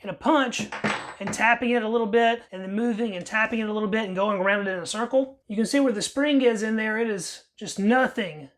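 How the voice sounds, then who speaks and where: Speaking a little fast in a mid-range voice, a rifle reviewer gives wry, plain-spoken commentary as he tears a rifle down at his workbench, in a casual narrating style.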